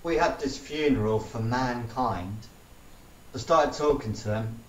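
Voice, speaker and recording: In casual chat, a man tells stories animatedly, acting out the people he quotes. His mid-range voice goes a little slow, and the roomy, distant mic picks up faint ambience.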